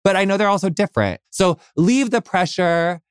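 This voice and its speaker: A man's voice: high voice, moderate pace, clean tone, no echo, studio quality. An American man in his thirties hosting a casual interview podcast, effusive and gushing, full of "like" and casual swearing. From United States. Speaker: podcast host.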